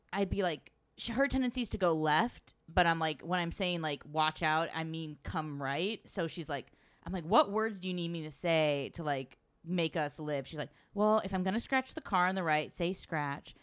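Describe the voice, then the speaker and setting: A woman's voice: fairly low pitch, normal speed, clear, resonant tone. A woman telling a travel story in casual chat, swearing freely and acting out what people said. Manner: animated storyteller, swears freely, acts out quotes.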